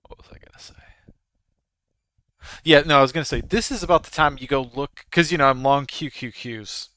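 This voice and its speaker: A futures trader streams live, giving rambling, conversational commentary while trading and often restarting his sentences as he talks to viewers. His voice is fairly high, brisk and sharp, in a low-quality recording with no echo.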